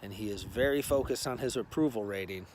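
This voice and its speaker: A man's voice: fairly low pitch, fairly quick, noisy background. A man vlogging in a casual, rambling monologue on a ride-along, playful and sometimes dropping to near-whispers.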